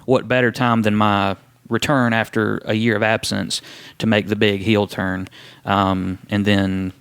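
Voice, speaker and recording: Guy chatting in an interview, lowish smooth voice, dry close sound, lots of ums. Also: a little slow, dry recording. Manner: relaxed storyteller with frequent ums and restarts. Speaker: wrestler guest. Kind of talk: casual interview chat.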